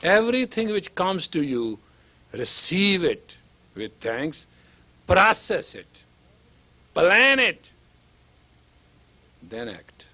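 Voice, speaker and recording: A man's voice: high voice, sing-song, extremely slow, pauses often, sharp tone. A man lecturing as a spiritual teacher, emphatic and repetitive, sometimes dropping to a whisper for emphasis. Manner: emphatic, repetitive, acts out dialogue. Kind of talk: lecture to students.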